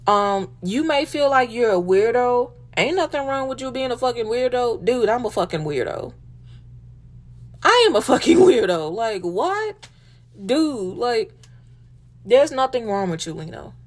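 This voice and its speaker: A woman's voice: fairly high pitch, very animated, a little slow. Emphatic woman talking from the heart. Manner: emotional, emphatic, repeats lines, swears casually. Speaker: host. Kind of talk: heartfelt casual monologue.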